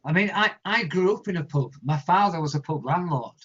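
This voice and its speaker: English man, guest interviewee, husky, animated storyteller, muffled lo-fi recording. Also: a little high, fairly quick. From England. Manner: animated storyteller, acts out quoted voices. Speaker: guest musician. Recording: lo-fi muffled audio.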